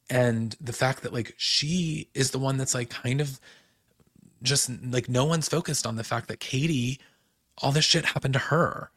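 A man's voice: medium pitch, fairly bright tone, no echo, studio quality. A young man hosting a casual recap, chatty and opinionated, acting out quotes with lots of "like". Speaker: podcast host recapping a reality show.

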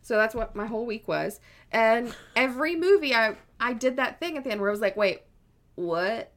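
Podcast co-host, woman, higher voice, rambly and lively, laughs a lot. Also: a little fast. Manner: animated, rambling, laughs often. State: mildly sick. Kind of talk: casual chat.

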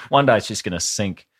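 Aussie bloke with a really deep voice telling a dark yarn, swears a lot, dry jokes. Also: male voice, slightly rough. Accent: Australian. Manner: swearing, dry storytelling with wry asides. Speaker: podcast co-host. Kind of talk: casual chat.

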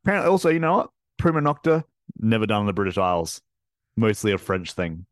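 Deep-voiced man rambling casually. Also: very animated, fast talker, no room sound, studio quality. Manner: rambling, laughs often, lots of fillers and likes. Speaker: podcast host. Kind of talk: casual chat.

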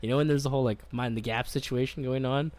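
A man's voice: medium pitch, fairly even intonation, fast, darkish tone. A man from Canada telling a rambling travel story on a podcast, swearing a lot and acting out what people said. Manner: rambling, profane, acts out quoted voices. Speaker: podcast co-host. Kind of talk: casual storytelling chat.

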